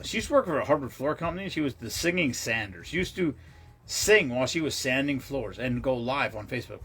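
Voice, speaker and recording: A man's voice: mid-range voice, a bit bright. A man hosting a charity livestream, chatting casually with viewers in a rambling, profane way, with many restarts.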